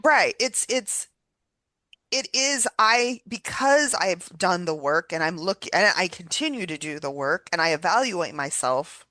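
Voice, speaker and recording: A woman's voice: fairly low pitch, expressive, unhurried, sharp tone, no echo. A woman hosting a podcast, talking in an earnest, reflective way, with frequent restarts and repeated words. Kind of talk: casual reflective chat.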